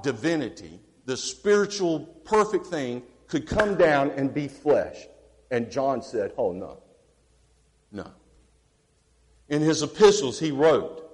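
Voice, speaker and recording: A man preaching a sermon who swings from quiet asides to emphatic declarations and asks his congregation questions. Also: mid-range voice, very animated, a little slow, long reverb tail.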